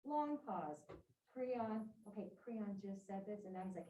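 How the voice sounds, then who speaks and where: A woman teacher reads a play to her class, breaking off for casual, lively explanations. Her voice sits in a mid range, and the sound is roomy and taken from a distance across the classroom. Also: mid-range voice, measured pace. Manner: casual, animated asides to students. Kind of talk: reading a play aloud with commentary. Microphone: distant room mic.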